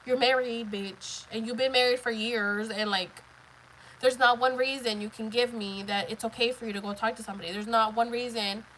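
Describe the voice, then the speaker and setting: A woman's voice: a little high, a bit bright, a little hiss or hum, poor audio. A woman in her thirties chatting casually on a live stream, blunt, profane and emphatic as she tells her story.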